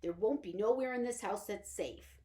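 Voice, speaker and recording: A woman voicing a tiny, weary father who speaks flatly in rustic grammar. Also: mid-range voice, moderate pace, natural voice. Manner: flat, tired, rustic grammar. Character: weary steady tiny father borrower man.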